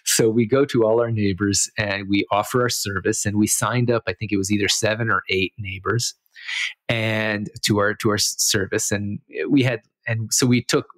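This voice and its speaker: A man's voice: fairly low pitch, steady tone, normal speed, a bit bright, dry recording. A man who grew up in Israel, a podcast guest telling a childhood story in a rambling, self-amused way with many fillers. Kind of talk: casual storytelling.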